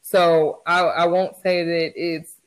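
On a rough recording, a male co-host talks slowly in a high-ish voice with little pitch movement. His casual, candid chat is full of restarts where he repeats the opening words.

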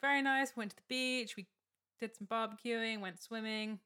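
A young woman co-hosts a casual chat, telling a story full of laughter and acted-out quotes in an animated way. Her voice is fairly high, clear and resonant, at a normal speed.

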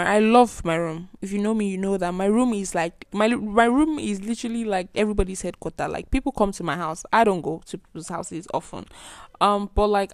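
A woman's voice: medium pitch, no echo. A young woman, chatting emphatically on her solo podcast from a bedroom at home. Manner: chatty, emphatic, repeats herself. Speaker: podcast host. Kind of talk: casual solo podcast chat.

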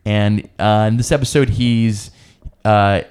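A man co-hosting a casual podcast, recapping a reality show with animated retelling and mocking quotes. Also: lowish voice, slow pace, clean tone. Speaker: podcast co-host. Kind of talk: casual chat.

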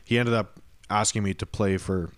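A man co-hosting a podcast, reminiscing in relaxed casual chat with many fillers. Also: lowish voice, normal speed, no room sound. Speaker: podcast co-host.

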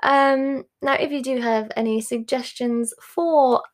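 A woman's voice: high voice, steady tone, measured pace. A woman co-hosting a casual podcast in a laid-back, self-mocking way. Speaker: podcast co-host. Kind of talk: casual chat.

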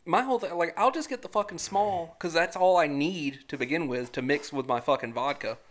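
A woman in her thirties, chatting casually on a podcast and telling profane, animated stories full of acted-out voices. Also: deep voice, brisk. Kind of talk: casual chat.

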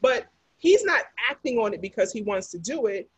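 A woman's voice: medium pitch, big pitch swings, moderate pace, slightly rough, no echo. A woman talking about relationships in a podcast conversation, emphatic and fond of repeating her key phrases.

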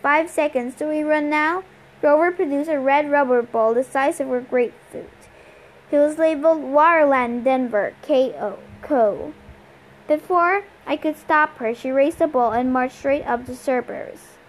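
A woman's voice: high voice, moderate pace. A woman reading a novel aloud, carefully and unhurriedly, with slips and rereads. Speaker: amateur reader. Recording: noisy home recording with clicks.

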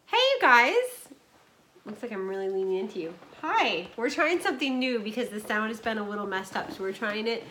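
A woman in her thirties co-hosting a podcast from a cabin, chatty and animated, recorded through wireless earbuds. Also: mid-range voice, a little hiss or hum. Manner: chatty, animated, quick to laugh. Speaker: podcast co-host. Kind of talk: casual podcast chat. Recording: roomy echo.

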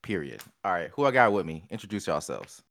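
Loud profane young man hosting a podcast. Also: sits low, big pitch swings, brisk, gravelly. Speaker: podcast host. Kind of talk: casual podcast banter.

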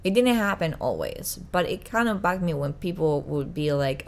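A young woman from Italy talks in a low, easygoing voice in relaxed conversation. English is not her first language, and she often circles back and restarts while she finds the word she wants. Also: normal speed, creaky. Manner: searching for words, many restarts. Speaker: podcast guest. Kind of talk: casual chat.

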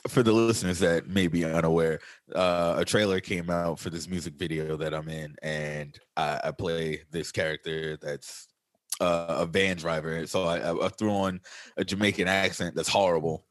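A man's voice: sits low, steady tone, moderate pace, dry recording, clean studio sound. A man co-hosting a casual podcast, joking in a laid-back way and cursing casually. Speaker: podcast co-host.

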